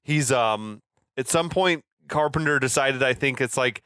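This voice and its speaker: A man with a smooth, clear voice, co-hosting a casual movie podcast. He talks in a relaxed, easygoing way, swearing offhandedly and filling with like. The recording is dry and close. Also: mid-range voice, unhurried, no room sound. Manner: relaxed, laid-back, swears casually, trails off with like. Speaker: podcast co-host.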